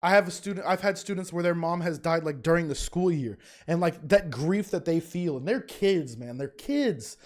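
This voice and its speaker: A young man, a teacher, giving casual, emotional fan commentary in a reaction video, often halting and restarting. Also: a little high, lively intonation, darkish tone.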